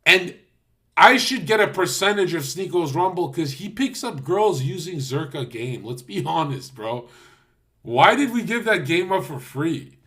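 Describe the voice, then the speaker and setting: A young man ranting on a livestream in a high, bright voice. He tells the story in a mocking, profane way and puts on the voices of the people in it. His delivery is loose and casual, like a streamer talking to chat. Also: lively intonation, a little slow. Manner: acts out the other people in his stories.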